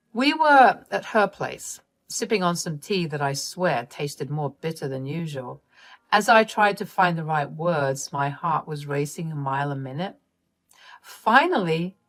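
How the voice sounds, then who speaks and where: Woman telling a family drama story, wry and fed up, expressive delivery. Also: on the low side. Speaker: narrator. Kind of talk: storytelling narration of a personal drama.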